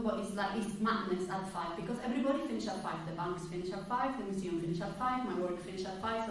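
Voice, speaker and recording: A woman's voice: a little high, a little mellow. Woman preaching, telling her story and doing the voices, super echoey church, a bit far off the mic, faint hiss. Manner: storytelling, acting out quoted voices, candid. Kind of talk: personal testimony sermon. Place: church hall.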